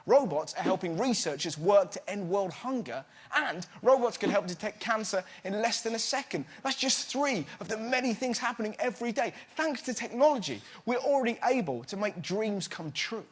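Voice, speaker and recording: A man doing stand-up as host, animated and mock-outraged, shouting his punchlines. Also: sits high, moderate pace, few pauses, husky. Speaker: comedian host. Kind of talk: stand-up comedy. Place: TV studio with live audience. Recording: loud studio audience laughter.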